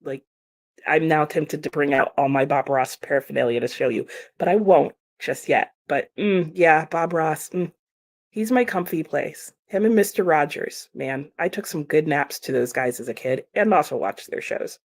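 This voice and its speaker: This young woman with an American accent runs a casual livestream, going through the chat and laughing a lot at the comments. Her voice sits low and moves at a moderate pace, and the studio-quality recording has no echo.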